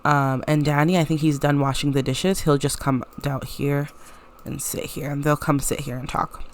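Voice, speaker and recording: A woman's voice: low-pitched, level tone, normal speed, slight background noise. A woman narrating a life-sim let's-play in a casual, chatty way. She giggles often and talks straight to her viewers. Her tone is playful.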